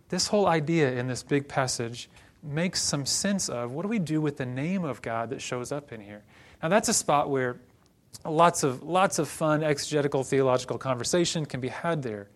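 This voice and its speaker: Man from Oklahoma preaching, mid-pitched voice, chatty teacher with wry jokes. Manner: conversational teaching with joking asides. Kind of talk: sermon.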